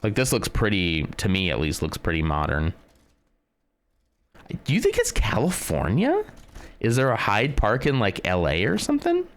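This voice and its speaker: A man's voice: sits low, a bit bright, smooth. A man streaming live, chatting with his viewers and thinking aloud as he plays a location guessing game, greeting people by name. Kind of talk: casual live-stream chat while playing a guessing game.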